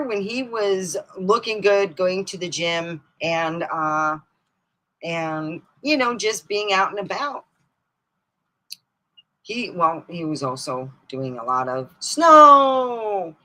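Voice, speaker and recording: A woman host telling funny family stories on a live stream, animated, often laughing and jumping into high excited squeals. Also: rough recording. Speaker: comedic storyteller hosting a live stream. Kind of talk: casual stand-up style family storytelling. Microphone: streaming mic.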